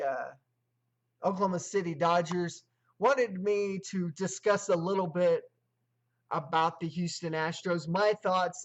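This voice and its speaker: High-voiced man reading baseball stats. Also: muffled recording. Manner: recites stats in clipped lists, then emphatic opinions. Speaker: sports show host. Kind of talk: solo sports commentary livestream.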